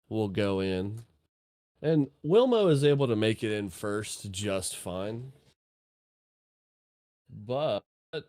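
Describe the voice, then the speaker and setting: Man game master, unhurried rambling narration, deeper voice, dry sound. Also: dark tone, no room sound. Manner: laid-back, profane, rambling.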